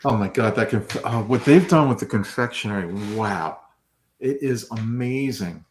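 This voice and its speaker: A man's voice: mid-range voice, animated, normal speed, reverberant, slight background noise. A man co-hosting a casual fan podcast, talking about the theme park with gushing enthusiasm. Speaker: podcast co-host. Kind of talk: casual chat.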